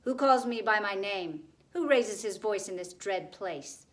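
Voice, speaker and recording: A woman's voice: medium pitch, lively intonation, measured pace, a bit bright. A woman voicing a mournful male gargoyle who moans and wails. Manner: mournful, wailing.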